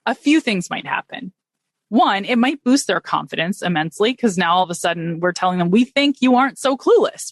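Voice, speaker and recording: A middle-aged woman researcher, a guest on a podcast, explaining with quick enthusiasm and frequent restarts. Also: medium pitch, no room sound. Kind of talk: podcast interview.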